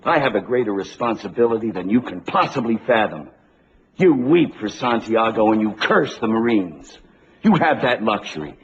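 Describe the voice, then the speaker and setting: Colonel Jessup, a defiant Marine colonel. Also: male voice, on the low side, very animated, normal speed, slight background noise. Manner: forceful, lecturing. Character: stern older male Marine colonel, defiant and commanding. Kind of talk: film drama. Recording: dull lo-fi film clip.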